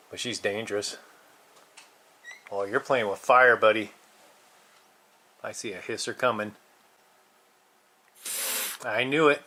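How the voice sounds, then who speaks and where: A man at home talking to his cats, coaxing and teasing them in a soft, affectionate murmur that sometimes drops to a whisper. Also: medium pitch. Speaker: cat owner filming his pets. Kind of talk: casual talk to pets. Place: indoors at home.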